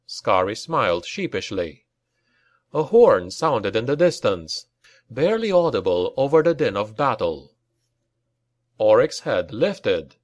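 A man reads a fantasy audiobook slowly and deliberately, his pitch rising and falling with the action. The recording is dry and close, with no room sound. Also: dry recording. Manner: slow, deliberate reading with lively acted dialogue. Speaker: audiobook narrator. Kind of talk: dramatic audiobook narration.

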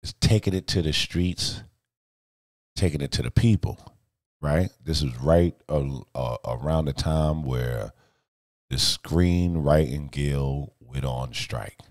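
With a slow, slightly mellow bass voice and no room sound, this middle-aged man chats casually on a live stream from his home studio. He's a streamer and music video director who jokes, swears, boasts, and hops loosely between stories.

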